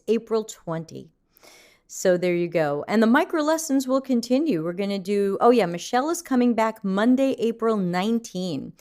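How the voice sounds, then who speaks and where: A woman's voice: mid-range voice, darkish tone. A middle-aged woman hosting a casual livestream Q&A, chatting loosely and reading viewer comments aloud. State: yawning, still waking up. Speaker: livestream host.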